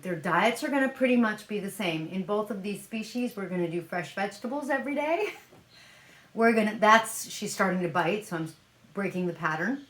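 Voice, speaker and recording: A woman's voice: mid-range voice, a bit bright. Chatty woman, echoey room. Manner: chatty, musing, thinks aloud with hedges. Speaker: parrot-keeping vlogger. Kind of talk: casual explainer vlog. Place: at home, handling a parrot.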